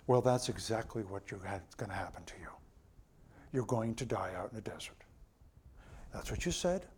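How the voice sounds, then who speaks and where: A man voicing God as a stern male deity pronouncing judgment, in a slow, solemn, lowered voice. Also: big pitch swings, a little mellow, slight background noise.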